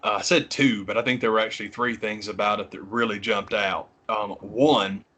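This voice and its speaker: A man co-hosting a podcast, talking casually and animatedly, swearing freely and sometimes mimicking people. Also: normal speed. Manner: animated, swears freely, mimics others in high squawky voices. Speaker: podcast co-host. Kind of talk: casual chat.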